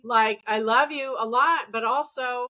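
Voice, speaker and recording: A middle-aged woman speaks with a somewhat high, lively voice. She tells caregiving stories frankly, loosely and with the odd curse. Her talk is candid and conversational. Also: measured pace, poor audio. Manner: lively, frank, swears casually. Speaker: family caregiver.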